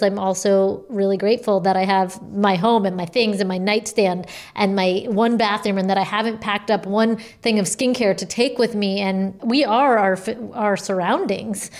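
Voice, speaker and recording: A woman's voice: medium pitch, a little mellow. A young woman in casual chat, a new mother, talking in an encouraging, chatty way.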